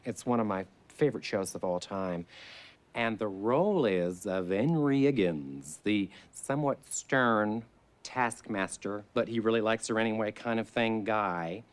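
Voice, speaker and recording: An actor playing an eager, theater-obsessed middle-aged shop owner who talks in an earnest, rambling way in a mockumentary interview. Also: male voice, fairly low pitch, lively intonation, unhurried. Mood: gushing. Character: eager theater-mad middle-aged man, sweetly self-absorbed.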